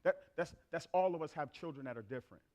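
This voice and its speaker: High-pitched middle-aged male pastor, lively storytelling preacher in a church. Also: fast talker. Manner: animated storyteller acting out family dialogue. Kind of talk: sermon with comic anecdotes. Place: church sanctuary.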